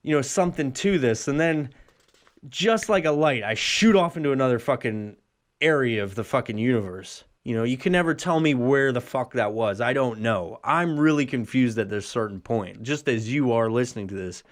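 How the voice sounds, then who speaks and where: A man's voice: lively intonation, normal speed. A man in his thirties, a podcast host, telling a profane, exaggerated comic story in a solo rambling monologue. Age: 30s. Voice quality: profane, exaggerated storytelling with bursts of high put-on voices.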